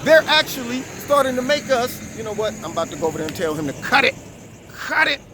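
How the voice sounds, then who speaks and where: Vlog host, high-pitched man, animated and preachy monologue outdoors. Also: quick pace, background noise. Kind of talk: political commentary monologue. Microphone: camera recording himself.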